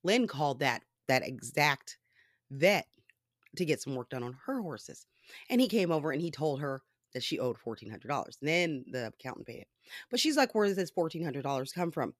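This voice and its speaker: A woman telling a story in casual commentary style, animated and often laughing, with profane asides. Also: low voice, normal speed, no echo, clean studio sound.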